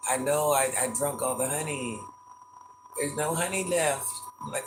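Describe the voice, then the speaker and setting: A man with a fairly high voice speaks at a normal speed over music in a rough recording, chatting casually on a live stream as he reads viewer comments. Sassy and somewhat stuffy from allergies, he calls viewers "baby" and repeats himself, while loud background noise and an air conditioner hum persist.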